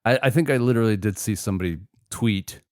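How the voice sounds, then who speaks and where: A man co-hosting a casual film podcast, sarcastic and animated, swearing freely. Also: on the low side, fast talker, clean tone, dry recording, studio quality. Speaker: podcast co-host.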